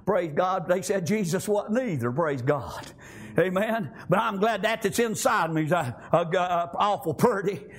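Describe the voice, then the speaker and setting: A man preaching a sermon, shouting out emphatic lines and punctuating them with frequent amens. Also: high voice, lively intonation, unhurried, husky.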